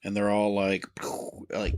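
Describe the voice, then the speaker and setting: A man playing a tabletop game, talking casually and halting, repeating words while he plans his moves. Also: fairly low pitch, monotone, clear, resonant tone. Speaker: player.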